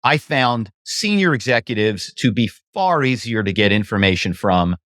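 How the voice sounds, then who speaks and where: A man telling stories as a podcast guest, lively and acting out phone calls in voices. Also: on the low side, moderate pace, no echo, clean studio sound. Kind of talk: casual interview storytelling.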